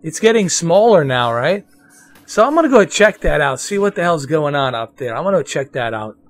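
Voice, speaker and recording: A man's voice: a little high, big pitch swings, normal speed. A man with a New York accent giving casual live commentary on a game to his viewers. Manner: casual, chatty, addresses viewers. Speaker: streamer.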